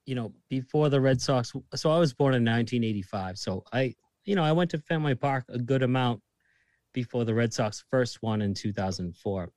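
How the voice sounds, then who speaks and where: A man's voice: mid-range voice, expressive, moderate pace, a little mellow, no room sound. A man in his thirties from Massachusetts with a Boston accent, chatting casually, laid-back and saying dude a lot. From Massachusetts, USA. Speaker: guest. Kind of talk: casual chat.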